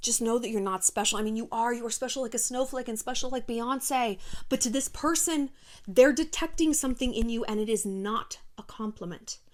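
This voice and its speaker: A woman in her thirties hosting a casual commentary video, brash and sassy, swearing and acting out quotes. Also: a little high. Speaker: YouTube host.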